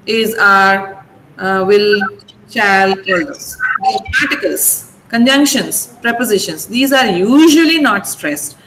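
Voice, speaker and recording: A woman's voice: mid-range voice, animated, slow pace. A woman with an Indian English accent teaching an online English pronunciation lesson. She drills words syllable by syllable and keeps checking with "okay?". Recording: echoey room, faint ambient noise.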